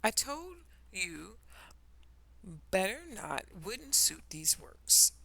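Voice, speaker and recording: A woman's voice: medium pitch, big pitch swings, very slow, vocal fry, pushed and bright, slightly rough, exaggerated voice. A woman voicing a rude, grumbling male hatter in a storybook. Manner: grumbling, sighing. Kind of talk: children's storybook reading.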